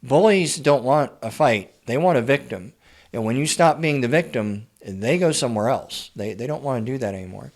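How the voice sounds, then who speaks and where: A man's voice: mid-range voice, expressive, moderate pace. A man who works as a writer and therapist, giving casual advice with blunt, frequent swearing and many stammered repeats of his words.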